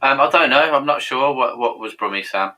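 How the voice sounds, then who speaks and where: A man's voice: medium pitch, fairly quick, bright, forceful tone, a little hiss or hum, low-quality recording. A man from near Birmingham chatting casually as a panelist on a fan show, full of friendly banter. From English Midlands.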